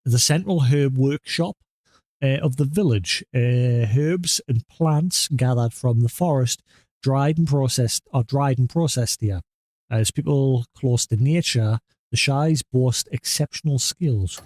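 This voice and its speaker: A man's voice: medium pitch, a little slow, a little mellow, no room sound. Chatty male game streamer. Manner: chatty, talks to in-game cat, baby-talk and meowing. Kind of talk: live gameplay commentary.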